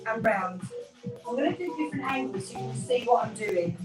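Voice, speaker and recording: A woman's voice: a little high, expressive, fairly quick, echoey room, distant mic, music in the background, low-quality recording. A woman fitness instructor leading a live workout class, giving upbeat, encouraging cues and counting down the reps.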